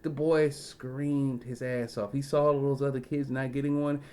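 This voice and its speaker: A man's voice: medium pitch, little pitch movement, a little slow, darkish tone. A man in a casual storytelling rant, profane and rambling, full of fillers and side remarks. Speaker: vlogger.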